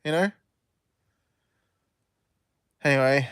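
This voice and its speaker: A man's voice: mid-range voice, racing, a bit bright, clear, resonant tone, no room sound, studio quality. A man in his thirties talking in a rambling, profane solo monologue full of fillers and restarts. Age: 30s.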